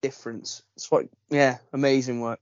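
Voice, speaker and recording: A man hosting a podcast, reading out listener shout-outs in a rambling, self-mocking way and laughing often. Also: mid-range voice, flat delivery, moderate pace, no room sound, lo-fi sound. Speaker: podcast host.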